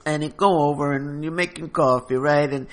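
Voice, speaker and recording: A man voicing a loud, foul-mouthed, violent male mobster who swears constantly and talks pushy and brash. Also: on the high side, fairly even intonation, normal speed, lightly acted. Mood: brash, aggressive.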